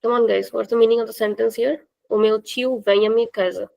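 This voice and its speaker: A woman teaching a language class, speaking slowly and patiently and repeating words for her students. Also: on the high side, steady tone, vocal fry, darkish tone, rough recording.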